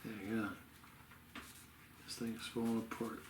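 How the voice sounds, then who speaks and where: In a lowish, flat voice and at a slow pace, a man rambles through a casual health vlog from a room at home in the evening. He sounds sleepy and pauses now and then to yawn, with background noise and a roomy echo.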